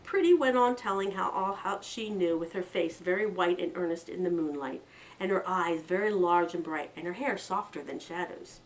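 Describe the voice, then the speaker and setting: A woman with an American accent reading a children's story aloud, voicing its characters with lively shifts. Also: moderate pace, recorded from a distance, low-quality recording. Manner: expressive, lifting her pitch for quoted lines. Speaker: children's book reader.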